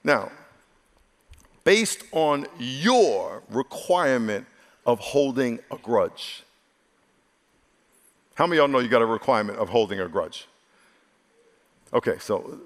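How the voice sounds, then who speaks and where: A man with a fairly bright voice on the higher side preaches to a live congregation in a large church hall, where the sound echoes at length. His sermon is conversational and full of humor, and he often imitates the voices of the people he describes.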